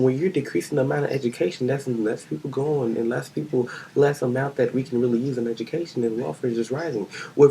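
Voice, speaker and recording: A man's voice: mid-range voice, vocal fry, warm tone, slight background noise, low-quality recording. A young man from Kansas delivering a rambling, scolding political rant in a home vlog. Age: young adult. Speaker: vlogger.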